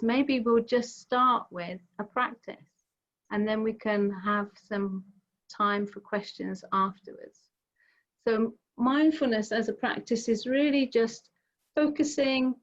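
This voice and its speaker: A middle-aged woman gently guiding a mindfulness session over a video call, explaining with everyday examples. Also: on the high side. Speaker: mindfulness teacher. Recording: slightly dull video call audio.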